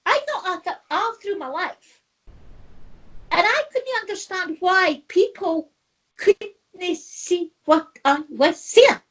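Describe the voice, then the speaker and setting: Speaking slowly in an extremely high, animated voice, a middle-aged spiritual medium from Scotland recounts her personal story. She rambles warmly and keeps restarting.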